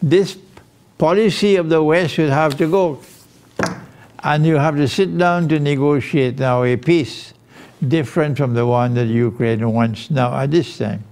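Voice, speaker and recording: A man giving a recorded Islamic lecture, speaking in deliberate, emphatic phrases with pauses between them. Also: a little high, creaky, a little mellow, slight background noise.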